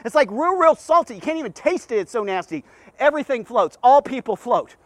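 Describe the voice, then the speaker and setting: A man giving a rambling devotional talk, stammering and repeating himself with animated asides. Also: very high voice, brisk, dry recording. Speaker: devotional podcast host.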